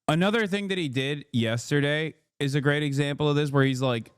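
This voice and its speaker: Profane, heated streamer, close dry mic. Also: male voice, fairly high pitch, a little fast, clear, resonant tone, no echo. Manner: profane, heated, mocking; breaks into laughter and sarcastic mimicry. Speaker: livestream commentator. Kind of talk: reacting to clips and articles on stream.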